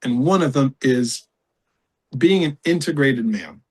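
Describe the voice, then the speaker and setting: A man in his thirties, a podcast guest, talking casually in an animated, rambling way with frequent swearing. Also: medium pitch, a little slow, husky. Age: 30s. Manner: animated, profane, rambling with fillers. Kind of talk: casual chat.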